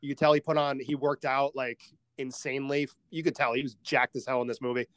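A man co-hosting a casual movie podcast, relaxed and chuckling, peppering his talk with "like". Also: mid-range voice, brisk, no echo. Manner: relaxed, chuckling, uses "like" a lot. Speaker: podcast co-host.

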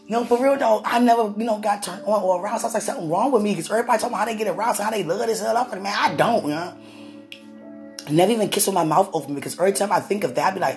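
A woman's voice: quick pace, soft background music. Effusive woman murmuring to her husband. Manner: effusive, sighing "oh God" often, laughing, swinging from high excitement to low murmurs. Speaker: wife talking to her husband. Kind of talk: intimate casual talk to a partner.

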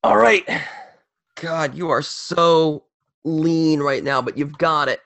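Slow-narrating male game master. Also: a little high, creaky, fairly bright tone, no echo. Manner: slow, vivid descriptive narration.

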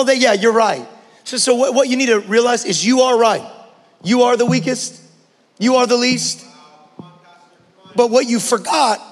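A man preaching a sermon as pastor, passionate, swinging between hushed talk and shouting. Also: high voice, long reverb tail. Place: church.

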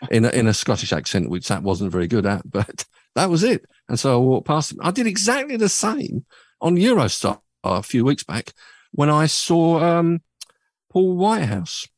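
A man's voice: on the high side, sing-song, normal speed, dry recording, studio quality. A man hosting a radio music show, chatting casually and rambling through anecdotes with lots of fillers. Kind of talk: casual chat.

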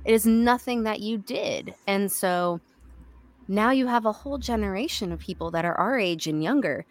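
Animated woman telling stories on a podcast. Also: mid-range voice, normal speed. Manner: animated storyteller who acts out quoted lines. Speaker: podcast guest, voice actor. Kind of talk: casual podcast chat.

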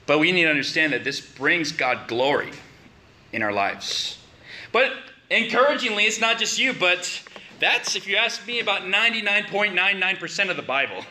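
A man's voice: high voice, animated, normal speed, bright, forceful tone. A man preaching a conversational sermon, building to emphatic questions.

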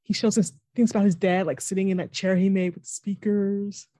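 A woman's voice: medium pitch, fairly even intonation, a little fast, dark tone, no echo, studio quality. A woman co-hosting a casual podcast, animatedly retelling a TV episode and acting out the characters' lines. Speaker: podcast co-host. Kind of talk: casual TV recap chat.

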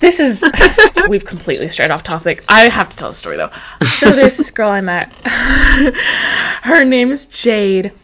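A woman's voice: fairly high pitch, very animated, a little slow, sharp tone, slight background noise. A young woman from Texas hosting a casual podcast chat, telling rambling stories and laughing often. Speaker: podcast host.

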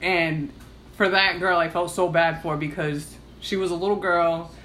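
A woman's voice: fairly low pitch, steady tone, normal speed, fairly bright tone, slight background noise. A woman co-hosting a casual podcast discussion, telling stories in a rambling way full of fillers. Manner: rambling, filler-heavy storytelling. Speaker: podcast co-host.

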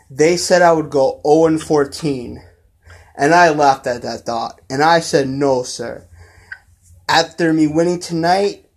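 A man's voice: fairly high pitch, low-quality recording. A man co-hosting a sports podcast, blunt and profane in casual banter. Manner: blunt, profane, slow-spoken. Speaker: podcast co-host.

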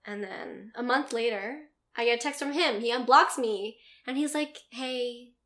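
A woman's voice: a little high, moderate pace, fairly bright tone. A young woman in casual chat, telling a story, laughing often and trailing off with ums.

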